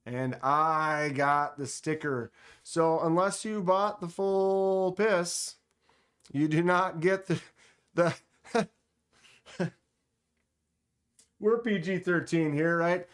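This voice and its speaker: A man's voice: a little high, steady tone, slow, pauses often, a bit bright, smooth. A man hosting a casual knife livestream at a table indoors, chatting enthusiastically and reading the chat aloud. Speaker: knife channel host.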